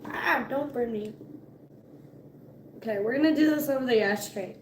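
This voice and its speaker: A young woman with a high voice talks freely to her camera, casual and profane. Her voice rings in an echoey room. A faint hum of ambience sits behind her. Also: normal speed. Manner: chatty, swearing, laughing often. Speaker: vlogger. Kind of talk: casual chat.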